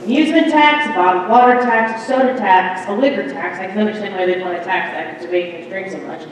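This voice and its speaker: A woman's voice: mid-range voice, fast talker. A woman emceeing a town hall meeting, casual and sarcastic, rattling off a list. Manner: sarcastic, listing things off. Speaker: event emcee. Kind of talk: casual public remarks. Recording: echoey hall, distant mic.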